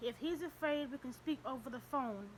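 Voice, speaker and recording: Audiobook, woman voicing brisk male detective, matter-of-fact, faint hiss. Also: high voice, close to an everyday voice, low-quality recording.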